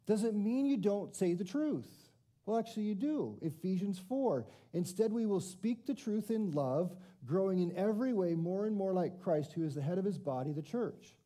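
A man delivering a conversational sermon, his voice very dark and mellow. His pitch rises and falls a great deal as he talks. He keeps turning questions back on the congregation. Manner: conversational, self-deprecating, asks the congregation questions. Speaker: pastor.

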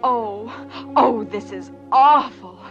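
An actress playing a flustered, cheerful young nurse who stammers when rushed, in a film scene. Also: female voice, on the high side, dull audio, soft background music. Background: film score.

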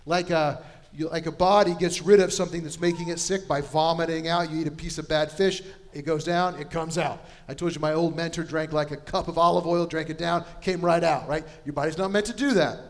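A man's voice: fairly high pitch, fairly even intonation, a little fast. A middle-aged male pastor preaching a sermon in a conversational, anecdotal way, with self-deprecating asides. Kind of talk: storytelling sermon.

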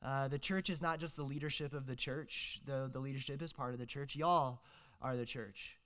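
A young man preaches as a guest, rambling and joking with plenty of fillers. His voice is smooth and resonant, at a middle pitch. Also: fairly even intonation, normal speed, fairly bright tone. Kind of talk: sermon.

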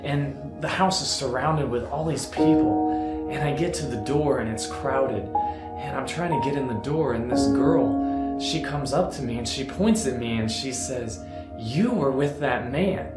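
Stammering remorseful fisherman voiced by a man, roomy sound, loud guitar behind. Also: mid-range voice, lightly acted. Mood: frightened. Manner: halting, stammering, emotional first-person monologue. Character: remorseful fisherman disciple recalling his denial, adult man. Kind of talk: dramatic monologue over guitar.

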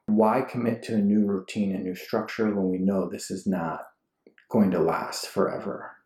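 Male co-host, thirties, animated ranter, mellow tone, roomy home recording. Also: lowish voice, moderate pace. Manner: animated, ranting, gets worked up. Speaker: podcast co-host. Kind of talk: casual chat with spouse. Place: room at home.

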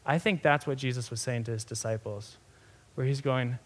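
A man's voice: medium pitch, fairly even intonation, moderate pace. A young adult man giving a sermon in a conversational, earnest way, often restarting phrases and saying "like". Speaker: pastor.

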